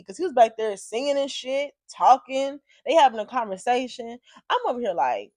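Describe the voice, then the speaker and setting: A woman vlogger telling a story casually, with animated, profanity-heavy, exasperated delivery. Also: on the high side, moderate pace, hardly any pauses, dry recording.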